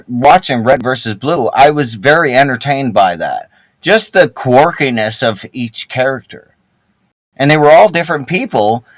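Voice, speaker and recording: A man talking over a headset in a gaming group chat, his pitch swinging widely as he pushes his point. He rambles, trips over his words and swears heavily. The sound is dry and close. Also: no room sound, rough recording. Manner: rambling, heavy swearing, many restarts. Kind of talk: heated casual voice-chat argument.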